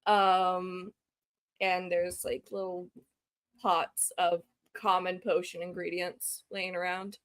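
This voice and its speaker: A woman's voice: on the low side, flat delivery, slow, no echo. A woman playing in a casual tabletop role-playing game, describing her scene in a loose, chatty way. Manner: chatty, loose, lots of fillers when describing. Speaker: player.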